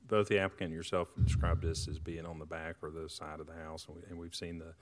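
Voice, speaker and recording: Board member, male, very low voice, halting questions, reverberant council chamber. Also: level tone. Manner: halting, restarts while asking. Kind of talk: questions at a public meeting.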